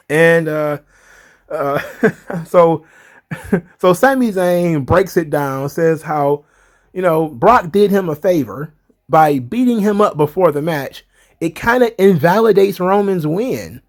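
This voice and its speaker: A man with a slightly high voice hosting a casual wrestling recap. He talks in a loose, chatty way, full of fillers and frequent laughs. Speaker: wrestling commentary host.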